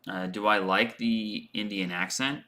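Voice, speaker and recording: A man hosts a casual English lesson livestream, answering viewers' questions as they come in. He thinks aloud, often restarting and filling pauses with "um" and "uh". His voice is slightly low yet bright and forward. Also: steady tone. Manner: frequent fillers and repeated words. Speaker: English teacher.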